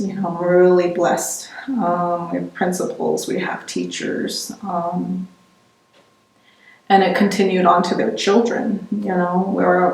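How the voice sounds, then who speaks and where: A middle-aged woman giving an oral history interview, reflective and halting, often restarting her sentences. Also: fairly low pitch. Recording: roomy, distant mic.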